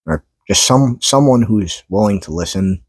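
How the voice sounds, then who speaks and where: Man, personal vlog monologue: low, husky, close and dry; weary, halting, flares up in frustration. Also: animated, darkish tone, no echo. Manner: weary, halting, pauses to collect thoughts; swears and rises in pitch when frustrated. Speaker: vlogger. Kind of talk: unscripted personal monologue to camera. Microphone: camera mic.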